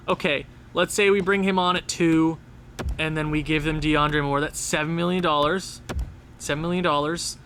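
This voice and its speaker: A man giving casual, excitable gameplay commentary, talking straight to the game as he plays. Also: fairly high pitch, normal speed, a little hiss or hum. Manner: excitable, talks to the game and players. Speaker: gaming channel host.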